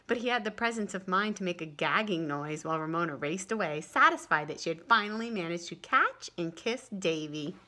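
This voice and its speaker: Lively woman reading a children's book aloud. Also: lowish voice. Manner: friendly, explaining to children.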